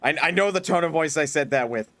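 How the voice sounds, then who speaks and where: A man's voice: on the high side, expressive, fast, bright, forceful tone, no room sound. A man streaming a hard game, chatting casually, swearing often and breaking into mock-grand speeches. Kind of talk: casual gameplay commentary.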